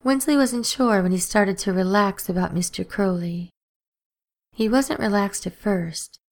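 A woman narrating an audiobook in a steady, even storytelling manner. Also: medium pitch, measured pace.

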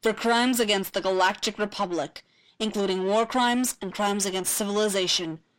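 A woman's voice: medium pitch, steady tone, normal speed, natural voice, low-quality recording. A woman voicing a stern, commanding male Jedi master who speaks formally and firmly. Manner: formal, firm.

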